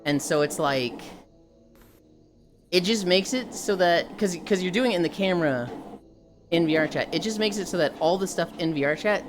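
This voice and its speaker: Low, animated streamer woman. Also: normal speed, over music. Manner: animated, laughing, acts out quotes. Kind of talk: casual chat. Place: VR chat stream.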